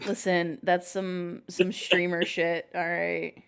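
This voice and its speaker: A woman hosts a casual podcast chat, rambling, swearing freely and tossing in quick asides. Her voice is fairly low in pitch, with vocal fry.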